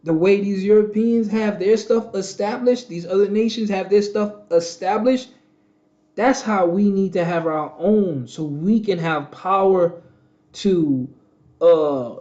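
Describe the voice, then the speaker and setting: Male host, higher-pitched, preachy and repetitive; dull lo-fi audio. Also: measured pace, mellow. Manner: preachy, repetitive, addresses viewers as family. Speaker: channel host. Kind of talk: casual live-stream commentary.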